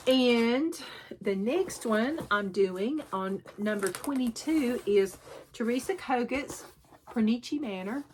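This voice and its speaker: A woman with a sore throat, rambling and poking fun at herself as she shows off her stitching in a chatty show-and-tell vlog, clearing her throat often. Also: on the high side, lively intonation, slow, a little hiss or hum. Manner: rambling, self-deprecating, frequent throat clearing. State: sore throat, sucking a cough drop. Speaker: cross-stitch vlogger.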